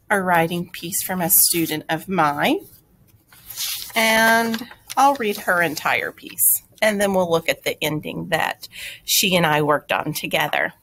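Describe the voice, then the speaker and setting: A woman's voice: fairly low pitch, a bit bright. A woman teacher giving a recorded writing lesson to young children, explaining step by step in a patient, encouraging way.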